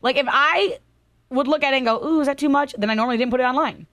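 A young adult woman co-hosting a podcast, telling stories in a chatty, animated way. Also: sits high, fast, dry recording. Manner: chatty, animated storytelling with laughs. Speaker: podcast co-host. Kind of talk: casual chat.

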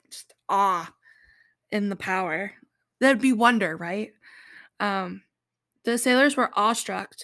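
A woman's voice: medium pitch, sharp tone, no echo. A woman reading a Bible story aloud, stopping often for chatty, informal commentary full of "like" and "um". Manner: chatty asides, fillers like "like" and "um". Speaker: Bible teacher.

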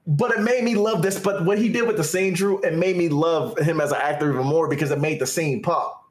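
A man talking in a casual podcast chat, animated and laughing often. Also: fairly high pitch, fairly quick, echoey room. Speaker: actor guest.

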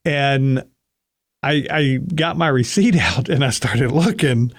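A man's voice: mid-range voice, slow, no room sound, studio quality. A middle-aged man co-hosting a radio show, telling a casual anecdote and acting out the people in it. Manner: storytelling, acts out voices in anecdotes.

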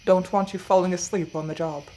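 A woman voicing a gruff, growling middle-aged male farmer and landlord in an audio fiction story. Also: on the low side, steady tone, brisk, warm tone, a little hiss or hum, lightly acted, low-quality recording.

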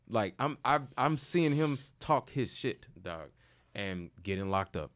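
Deep-voiced man telling stories, slangy. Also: moderate pace. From St. Louis, USA. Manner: loose and slangy, swings into animated storytelling. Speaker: podcast host. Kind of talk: casual conversation.

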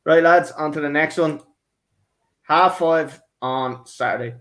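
A man's voice: on the high side, a little slow, a bit bright. Laddish man hosting a football podcast. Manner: laddish, jokey, addresses co-hosts as lads. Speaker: podcast host. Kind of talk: casual football podcast chat.

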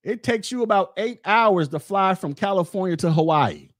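A man's voice: high voice, lively intonation, normal speed, dry recording, clean studio sound. A man hosting a podcast, talking in a blunt, rambling way straight to his listeners. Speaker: podcast host. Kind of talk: casual monologue podcast.

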